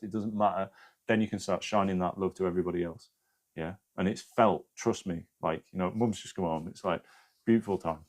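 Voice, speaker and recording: A man's voice: low-pitched, dark tone. A man hosting a live stream, giving casual spiritual advice to viewers, swearing freely and often checking in with "yeah?".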